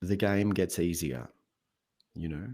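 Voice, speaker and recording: Deep, husky-voiced man; lively podcast guest who plays out dialogue. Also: slow. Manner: animated storyteller, acts out quoted voices. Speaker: podcast guest, habits coach. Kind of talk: casual podcast conversation.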